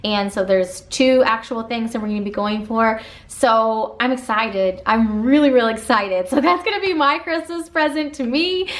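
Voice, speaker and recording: A woman in her thirties talking to camera with a Southern Illinois twang that leans toward Kentucky. Her voice sits a bit high, and she rambles chattily through a casual Q&A with plenty of "um" and "like". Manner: chatty, many fillers and asides. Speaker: vlogger.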